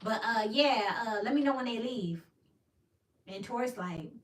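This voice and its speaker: A woman giving a casual tarot reading, animated and swearing, acting out little scenes as she talks. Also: fairly high pitch, measured pace. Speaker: tarot reader. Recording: echoey room, mic at a distance, noisy.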